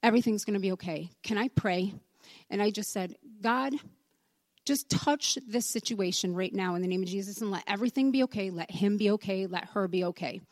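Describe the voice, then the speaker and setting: A woman from the congregation tells a personal testimony as a relaxed story and acts out the dialogue as she goes. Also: medium pitch, normal speed, no room sound. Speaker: church member giving a testimony.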